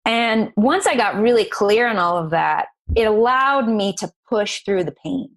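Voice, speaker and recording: A woman's voice: mid-range voice, unhurried. Earnest woman telling her story. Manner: earnest, emotional, animated retelling. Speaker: guest, business founder. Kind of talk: podcast interview storytelling.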